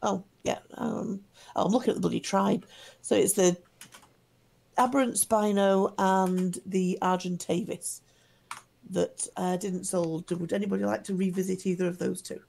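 Gravelly, husky woman auctioneer. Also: mid-range voice, level tone, warm tone. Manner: brisk, chatty, laughs easily. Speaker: auction host. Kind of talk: livestream auctioneering.

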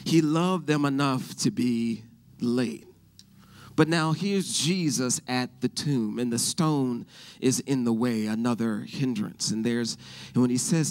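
A middle-aged man preaching a sermon as pastor. He keeps asking the congregation if they hear him and builds to loud shouts. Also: mid-range voice, moderate pace, clear, resonant tone. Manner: preaching with call-and-response questions, rising to shouts.

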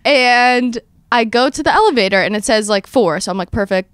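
A woman in her twenties hosting a podcast, telling a story in casual chat with lively, dramatic retellings of her own quotes. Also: on the high side, brisk, clear, resonant tone, no room sound. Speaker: podcast host.

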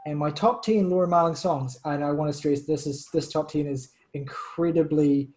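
Chatty, slightly high-voiced male podcast host. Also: steady tone, moderate pace, darkish tone, rough recording. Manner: chatty, loose, lots of fillers. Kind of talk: casual podcast chat.

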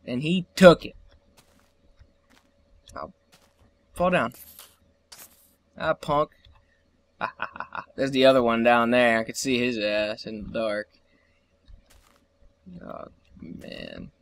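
A young man giving solo let's play commentary, excitable, yelping, cursing at the game and laughing often. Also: mid-range voice, slow, pauses often. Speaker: gameplay commentator.

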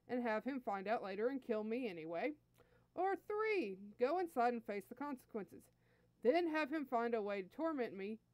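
A big, dim male alien minion who lives in fear of his master, as a woman reader puts him on. He stammers, whimpers and pleads. The storybook reading is dry and close, the voice sitting a little high. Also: darkish tone, no room sound, natural voice. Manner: stammering, fearful whining. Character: bumbling burly male alien minion, anxious, whiny.

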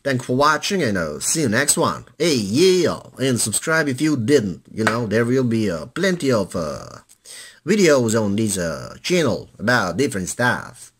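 A man's voice: mid-range voice, very animated, measured pace, a bit bright, slightly rough. A man casually reviewing an old cassette recorder indoors, laid-back and rambling, with lots of filler sounds.

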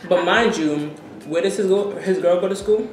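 A young woman chatting casually, chiming in with quick, teasing comments. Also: lowish voice. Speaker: friend co-host. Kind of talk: casual chat. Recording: roomy echo.

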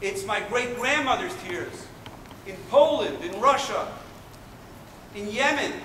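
A man playing an Israeli paratrooper telling a moving battle memory in a dramatic first-person monologue, earnest and swinging between loud urgency and hushed emotion. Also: sits high, lively intonation, slow pace, a little hiss or hum, full character voice. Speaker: stage performer. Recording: echoey hall from far off.

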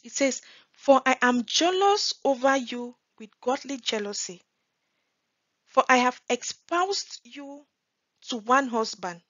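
A woman with a high voice teaches scripture at a slow, deliberate pace, reading each verse and then unpacking it. She stresses and repeats key words. The recording is dry and a little dull. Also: animated, a bit bright, dry recording. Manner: reads scripture aloud and explains it point by point; leans on key words, repeats them for emphasis. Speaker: Bible teacher.

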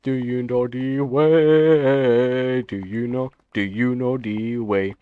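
A man voicing a meme echidna clan leader who chants slowly and solemnly about the way, on a dull, dry mic. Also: mid-range voice, fairly even intonation, smooth, dry recording, pitched below the performer's own voice, lightly acted. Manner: slow, solemn, chanting repetition.

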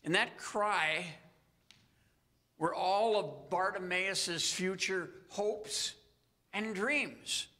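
Bright, high-voiced male pastor preaching. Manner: earnest storytelling, dramatic pauses. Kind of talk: sermon.

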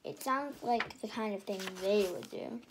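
A woman's voice: medium pitch, unhurried, noisy background, natural voice. A woman reading aloud and voicing a grumpy young boy who talks in a grouchy, know-it-all way. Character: grumpy young boy, sleepy older brother.

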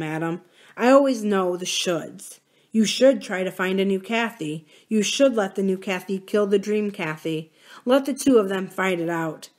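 Woman reading as a soft-spoken wise old man. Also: medium pitch, close to an everyday voice. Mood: confiding. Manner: soft, slow and musing. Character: wise, gentle older man, reflective.

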